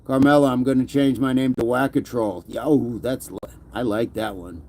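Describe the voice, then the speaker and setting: A man's voice: mid-range voice, steady tone, moderate pace, dark tone. A middle-aged man talks casually on a livestream, reading out viewer comments as he goes. His manner is loose and joking, and he keeps dropping into a mock movie-gangster voice for a punchline. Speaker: livestream host.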